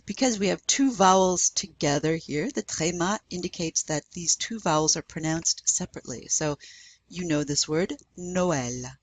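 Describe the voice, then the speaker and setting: A woman's voice: lowish voice, moderate pace, slight background noise. A woman professor giving a French language lesson, patiently spelling out letters and drilling pronunciation.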